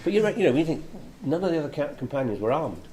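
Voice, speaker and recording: An older actor telling anecdotes in a chatty interview, laughing often. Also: male voice, fairly high pitch, very animated, quick pace, darkish tone, a little hiss or hum.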